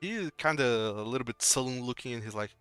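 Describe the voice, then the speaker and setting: Bright, smooth-voiced game master. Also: male voice, mid-range voice, expressive, fast talker, no room sound, soft background music. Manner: loose, filler-heavy narration. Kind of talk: narrating a tabletop game.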